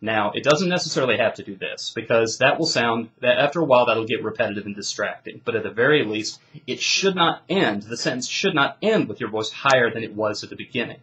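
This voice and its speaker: A man's voice: medium pitch, expressive, brisk, few pauses, sharp tone, poor audio. Emphatic male debate coach. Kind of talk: instructional talk.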